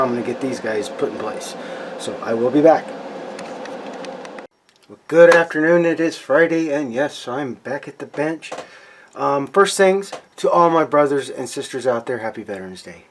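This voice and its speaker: A man's voice: mid-range voice, slight background noise, rough recording. A man talking casually to viewers while building scale models at his home workbench, rambling with restarts.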